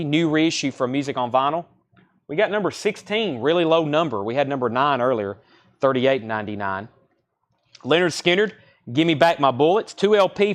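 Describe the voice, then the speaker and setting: A man running a live-stream record sale from behind a shop counter. He reels off album titles and prices in a quick, matter-of-fact patter and says them twice. His voice sits a little high for a man. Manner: brisk, repeats titles and prices. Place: record store.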